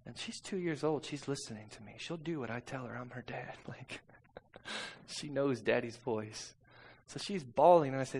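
A man preaching a sermon and telling a personal story, swinging between soft, intimate passages and loud, urgent ones. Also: on the high side, fairly even intonation, moderate pace.

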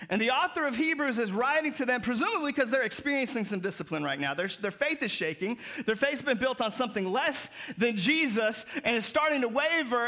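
A man's voice: very high voice, pushed and bright. A male pastor preaching a sermon, calling on the congregation to respond and rising to emphatic peaks.

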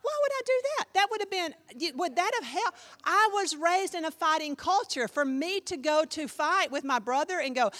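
A woman pastor preaching a sermon with animated storytelling, acting out the voices of the people she quotes. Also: high-pitched, fairly quick, few pauses, in a large hall.

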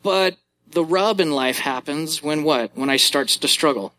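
Male pastor, 30s, sermon voice, on the higher side, easygoing storytelling. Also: unhurried, bright, forceful tone, a little hiss or hum. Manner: conversational preaching with anecdotes.

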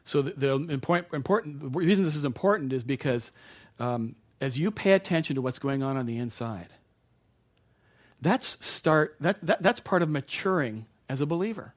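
A middle-aged man preaching a sermon in a conversational way, correcting himself and then suddenly getting loud to stress a point. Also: fairly high pitch, expressive, moderate pace. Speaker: pastor.

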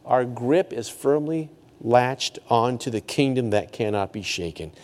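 A man preaching a sermon as a pastor, swinging from high emphatic peaks to hushed low lines. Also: expressive, measured pace, in a large hall.

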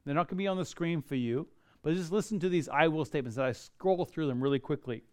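A man preaching a sermon as pastor, animated, acting out quoted pleas to God and parents. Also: a little high, fast.

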